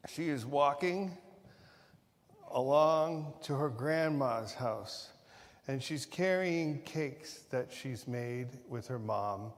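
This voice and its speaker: A male minister telling a playful story in a sermon, often correcting himself along the way. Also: medium pitch. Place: church sanctuary. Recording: long reverb of a church hall.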